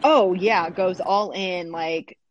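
Low-voiced woman recapping casually. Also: takes it slowly, lo-fi sound, a little hiss or hum. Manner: relaxed, many fillers. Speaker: podcast co-host.

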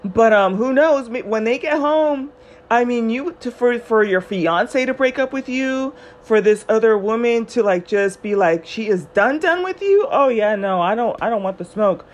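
A woman's voice: a little high, normal speed. A young woman telling a personal story in a chatty monologue on her podcast. She acts out the quoted lines of the people in her story. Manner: chatty, animated retellings with quoted voices. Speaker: podcast host.

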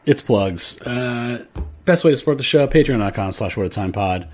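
A man's voice: mid-range voice, lively intonation, normal speed, noisy background. A man co-hosting a comedy podcast, chatting casually and rambling with lots of fillers and restarts. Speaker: podcast co-host.

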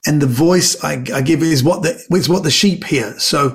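A man, a comedian and actor, telling animated anecdotes as a podcast guest, often repeating words. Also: a little high, normal speed, a little hiss or hum. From Britain. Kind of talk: casual storytelling chat.

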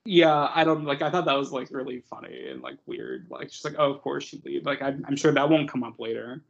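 Gravelly and medium-pitched, this young man's voice is brisk and animated as he co-hosts a podcast. He laughs often while rambling and mocking through a filler-heavy casual chat, recorded in dull lo-fi.

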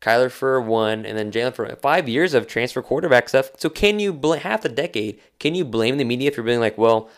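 A man co-hosting a casual sports podcast, talking in a slangy, animated way and acting out quotes. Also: mid-range voice, fairly quick, hardly any pauses. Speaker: podcast co-host.

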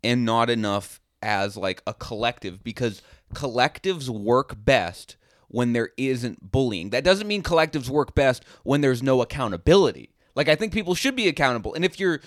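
A man co-hosting a podcast, telling a relaxed, rambling story and swearing freely. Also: mid-range voice, moderate pace, dry recording, clean studio sound. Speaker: podcast co-host. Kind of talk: casual storytelling.

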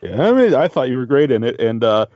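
Hesitant host with a standard American accent. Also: male voice, mid-range voice, sing-song, fast talker, no echo, lo-fi sound. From Cape Cod, Massachusetts. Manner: hesitant, many "uh"s and restarts. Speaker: podcast host. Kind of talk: casual interview chat.

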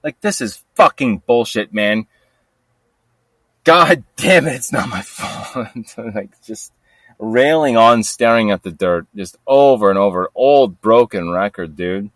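A man's voice: on the low side, expressive, a little slow, a bit bright, no echo. Rambling, swearing man on a podcast. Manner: rambling, swearing, with frequent laughs and restarts. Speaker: podcast host. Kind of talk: casual solo podcast rant.

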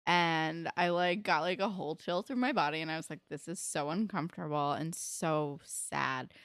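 A woman's voice: low-pitched, moderate pace, fairly bright tone, smooth, no room sound, clean studio sound. A young woman co-hosting a podcast, chatting casually as she recaps a TV episode with many fillers. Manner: chatty, filler-heavy, acts out quotes. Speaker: podcast co-host.

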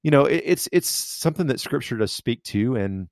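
A man co-hosting a casual faith podcast, talking in a halting way with many fillers and restarts. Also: mid-range voice, expressive, gravelly, a little mellow, no room sound, clean studio sound. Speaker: podcast co-host.

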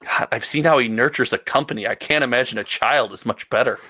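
A man's voice: medium pitch, fast, pushed and bright, dry recording. A man co-hosting a casual podcast, talking in a wry, teasing way. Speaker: podcast co-host. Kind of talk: casual chat.

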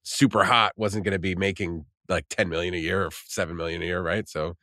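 A man's voice: sits low, steady tone, fairly quick, sharp tone, dry recording, studio quality. A man co-hosting a casual podcast chat, telling long rambling stories and swearing freely. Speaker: podcast co-host.

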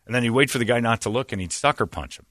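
A man's voice: medium pitch, very fast, a bit bright, no room sound, clean studio sound. A man in casual sports talk, ranting bluntly and acting out what others said. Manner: blunt, ranting, acts out quotes in put-on voices.

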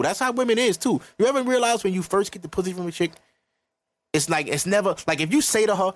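A man's voice: high-pitched, fast talker, no echo. A man in his early thirties hosting a podcast, giving blunt, profane advice in an emphatic, lecturing rant. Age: 30s. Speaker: podcast host.

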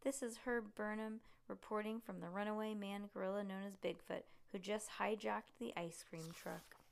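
A woman's voice: medium pitch, fairly even intonation, moderate pace, creaky, slight background noise, close to an everyday voice. A woman reading a storybook, voicing an eager grown man who gives urgent orders. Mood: reporting.

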